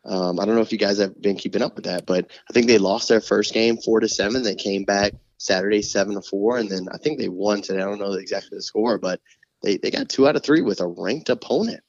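A man talks in a low, unhurried voice, easing through stories on a casual podcast. The sound is muffled and lo-fi, recorded dry with no room echo. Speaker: podcast host. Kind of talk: casual chat.

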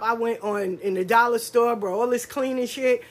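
A woman's voice: mid-range voice, a little hiss or hum. Blunt profane middle-aged new woman. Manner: candid, profane, emphatic storyteller; street slang, drawn-out stresses. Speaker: podcast speaker. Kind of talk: personal testimony monologue.

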